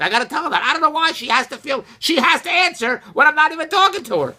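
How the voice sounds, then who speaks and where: A man telling a casual personal story, rambling and repeating himself, rising and getting louder when exasperated. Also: very high voice, fast talker. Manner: animated, rises and gets louder when exasperated.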